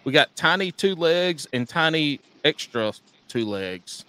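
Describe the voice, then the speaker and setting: A man's voice: fairly high pitch, animated, a little slow, sharp tone, poor audio. A man co-hosting a podcast, ribbing his guest with crude, profane banter. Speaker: podcast co-host.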